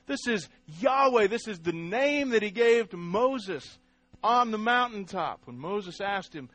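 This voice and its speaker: A man's voice: high-pitched, lively intonation, measured pace, a bit bright, faint music behind. A man preaching a sermon, stressing single words, repeating himself and putting questions to the congregation. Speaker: pastor. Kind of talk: sermon teaching.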